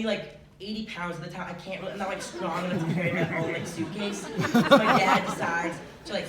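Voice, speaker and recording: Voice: medium pitch, a bit bright. Teen storyteller in an echoey hall. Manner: chatty, many filler likes. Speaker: student storyteller. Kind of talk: live true-story telling. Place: school auditorium with audience. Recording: roomy hall, distant mic, noisy. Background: audience laughter.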